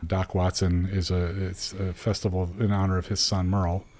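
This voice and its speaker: A man's voice: deep voice, monotone, normal speed, a little mellow, poor audio. Chatty middle-aged man telling a story. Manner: chatty, rambling, laughs as he talks. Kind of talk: casual storytelling.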